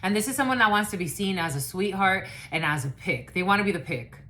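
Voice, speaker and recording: A woman's voice: mid-range voice, animated, quick pace, fairly bright tone, a little hiss or hum. A woman who swears freely and rambles, giving a casual psychic reading as a channeler. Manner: profane, rambling, confiding.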